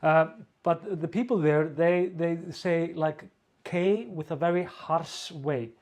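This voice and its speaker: A man's voice: fairly high pitch, darkish tone. Icelandic man chatting on a video call. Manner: halting, many fillers and restarts, laughs often. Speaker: editor-in-chief, co-host.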